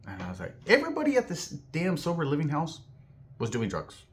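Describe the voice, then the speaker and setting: With a higher voice and a fairly quick pace, a Southern California man vlogs a meandering personal anecdote. He packs in filler words and animatedly performs the quoted voices of others in the story.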